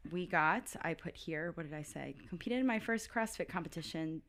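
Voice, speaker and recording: A woman's voice: on the low side, lively intonation, fairly quick, fairly bright tone. A woman in her thirties, a podcast guest chatting casually and telling stories, filling her talk with "like". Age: 30s. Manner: chatty storyteller, heavy use of "like". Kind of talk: casual interview chat.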